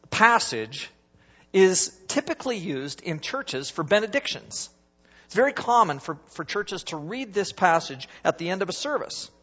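A middle-aged man preaching a sermon as pastor, with a husky voice and an emphatic style that swings between loud rises and soft drops. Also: fairly high pitch. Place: church sanctuary. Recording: dull sound with long church reverb.

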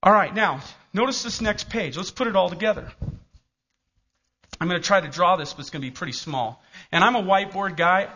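A man's voice: sits high, a little fast, sharp tone. A middle-aged male pastor preaching a sermon in a church, telling stories and asking the congregation questions. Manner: storytelling, asks the congregation questions. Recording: dull lo-fi recording.

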